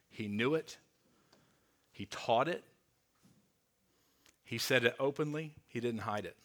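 A man, a pastor, preaching a sermon in an earnest way, slowing and dropping soft on key words. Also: medium pitch. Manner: earnest, slows and drops softly on key words; repeats words while restarting.

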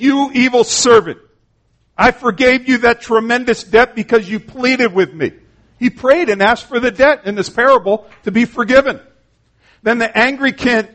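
A man's voice: sits high, a bit bright. A man preaching an earnest, conversational sermon, retelling conversations and often saying "man". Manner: frequent "man" and restarts.

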